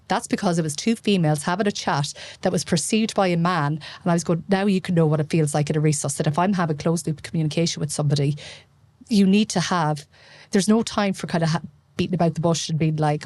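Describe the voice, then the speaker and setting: A middle-aged Irish woman, an emergency medicine consultant, telling stories in an animated way and acting out the dialogue as a podcast guest. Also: fairly low pitch, fast, no echo. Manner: animated storytelling, acts out quoted dialogue. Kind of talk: casual interview chat.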